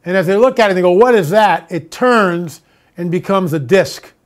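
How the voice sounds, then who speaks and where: A man with a notably high voice talks straight to his audience as the host of his own show. He rants in exasperation and then shifts into telling a story. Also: expressive, normal speed. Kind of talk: opinionated monologue.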